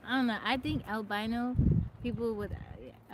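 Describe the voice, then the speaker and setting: A woman's voice: mid-range voice, moderate pace, heavy background noise. A woman hosting a casual live stream, greeting viewers by name and chatting with frequent laughs. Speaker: livestream host. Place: outdoors in nature. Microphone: phone.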